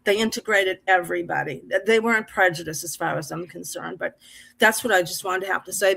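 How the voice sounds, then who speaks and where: A middle-aged woman from Massachusetts tells a heartfelt story, rambling and restarting as she goes. Her voice is sharp and bright, and it sits at an ordinary pitch. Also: gravelly, rough recording. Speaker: caller on an open mic stream. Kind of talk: personal storytelling.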